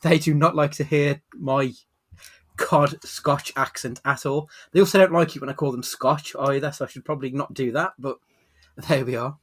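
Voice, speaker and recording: A man's voice: a little high, steady tone, moderate pace. A British man hosting a podcast, chatting casually and then giving a dramatic build-up to a film, on a webcam mic. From United Kingdom. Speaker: podcast host. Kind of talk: casual chat and scripted film intro.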